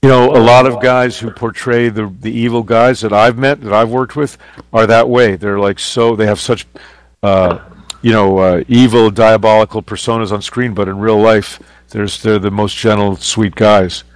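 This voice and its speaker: A man's voice: lowish voice, steady tone, moderate pace, dry recording. A man, a photographer guest on a radio show, telling anecdotes in a loose, rambling way with many fillers. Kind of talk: casual interview storytelling. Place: radio studio.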